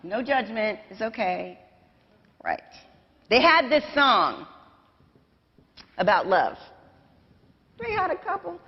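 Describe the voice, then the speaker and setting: A woman's voice: a little high, very animated, slow, long pauses. Woman pastor preaching in an echoing church. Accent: American. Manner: conversational, self-deprecating, sings snatches of lyrics. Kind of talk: sermon. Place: church sanctuary. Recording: dull livestream sound with long church reverb.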